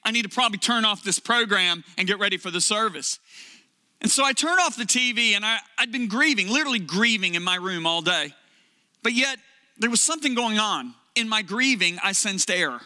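A man preaching a sermon, telling a personal story in an earnest, emphatic way with drawn-out pauses. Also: high-pitched, animated, pushed and bright.

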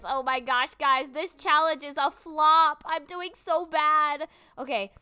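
A woman's voice: high voice, pushed and bright. A young woman casually commenting on her gameplay, chatty and giggly, thinking aloud as she goes. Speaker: gaming channel host.

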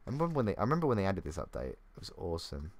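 Young gamer, low voice with bouncy intonation, self-mocking running commentary. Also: male voice, huge pitch swings, very fast, slight background noise. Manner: chatty, self-mocking, thinking aloud. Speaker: gaming YouTuber. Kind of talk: casual gameplay commentary. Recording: faint keyboard clicks.

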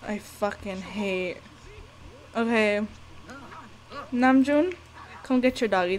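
A young woman giving casual, profane, excitable commentary over a life-sim game, scolding the characters as she plays. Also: mid-range voice, slow pace, pauses often. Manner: profane, excitable, talks to the sims. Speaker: gameplay commentator. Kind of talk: casual let's-play commentary.

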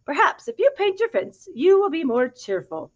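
A woman reading aloud as a prim, fussy hen who scolds her pig neighbors, in a shrill, prissy voice. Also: big pitch swings, normal speed. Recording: dull lo-fi recording.

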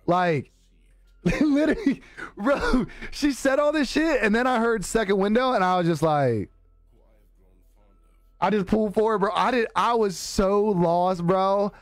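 Animated man telling a story, laughing. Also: high voice, a little slow, long pauses, no room sound. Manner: animated, says "bro" a lot, laughs often, acts out quoted voices. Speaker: live streamer. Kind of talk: casual storytelling to stream chat.

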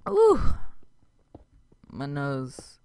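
A man hosting a gaming channel, rambling through casual let's-play commentary with sudden loud outbursts. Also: mid-range voice, huge pitch swings, extremely slow, clear, resonant tone.

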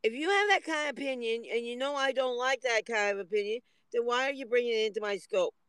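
A man's voice: very high-pitched, fast, fairly bright tone, smooth, dry recording, low-quality recording. A man rambling through a livestream monologue from a parked car in the hot sun, complaining and aggrieved, at times tearful.

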